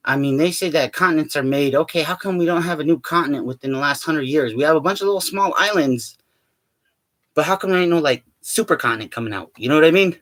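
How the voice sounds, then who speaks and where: A man's voice: a little high, quick pace, a bit bright, no echo. A young man vlogging in a rambling, profane, joking monologue, laughing often and full of fillers. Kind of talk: rambling casual monologue to camera.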